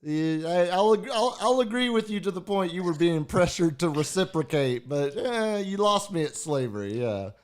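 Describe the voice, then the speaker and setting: Man, podcast co-host, dry teasing, slightly high voice. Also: lively intonation, moderate pace, few pauses, slight background noise. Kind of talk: casual chat.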